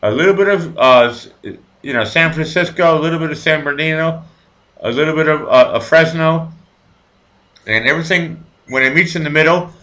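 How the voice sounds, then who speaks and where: A man's voice: a little high, fairly quick, pushed and bright. Stammering man hosting a live show. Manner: rambling, stammering, crude jokes. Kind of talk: casual live chat.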